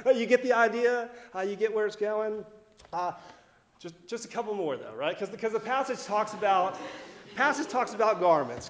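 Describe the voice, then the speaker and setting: A man preaching a casual sermon in a relaxed way, with fillers, restarts and light laughs. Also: high-pitched, reverberant. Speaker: pastor.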